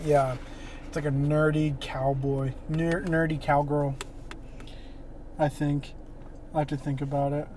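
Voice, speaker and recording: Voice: medium pitch, flat delivery, measured pace, long pauses, a little mellow, a little hiss or hum. A podcast co-host chatting casually about a movie, hesitant and full of "um" fillers. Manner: hesitant, many "um" fillers and restarts. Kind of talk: casual movie review chat.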